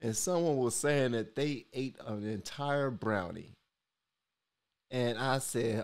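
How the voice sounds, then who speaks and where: A man hosting a reaction video, retelling stories in a relaxed, casual way. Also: medium pitch, unhurried. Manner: relaxed, swings into excited retelling.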